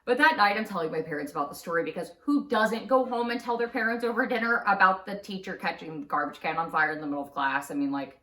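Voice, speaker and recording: Woman, casual storytime, chatty, laughs often, bright voice, echoey room. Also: mid-range voice, quick pace, hardly any pauses, recorded from a distance. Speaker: craft channel host. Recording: roomy echo.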